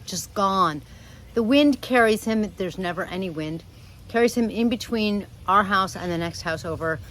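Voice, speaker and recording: A middle-aged woman vlogging casually about her parrot, chatty and animated, sometimes talking to the bird. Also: fairly low pitch, a little hiss or hum, poor audio. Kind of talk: casual storytelling vlog. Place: screened patio outdoors.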